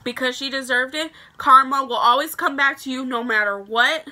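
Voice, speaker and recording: A young woman with a very bright, sharp voice pitched a little high. She chats to her camera in a loose, animated storytime style and keeps dropping "like" between phrases. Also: moderate pace. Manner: chatty and animated, heavy use of "like" fillers. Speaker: vlogger telling a story.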